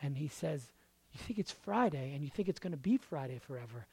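A hoarse male pastor preaching a sermon, firing off runs of rhetorical questions and swinging from hushed murmurs to loud emphatic bursts. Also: fairly high pitch, animated, fairly quick, dry recording, studio quality.

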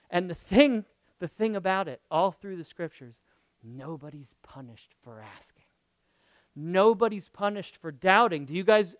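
A man preaching a sermon. He speaks expressively, repeats phrases for emphasis, and swings from loud declarations to near whispers. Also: sits high, smooth, no echo, highs cut off. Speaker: pastor.

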